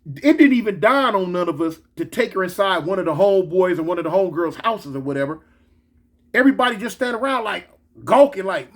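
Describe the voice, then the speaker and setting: A man telling a story in a casual, slangy, animated way. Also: high voice, brisk. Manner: animated, slangy, switches into excited quoted voices.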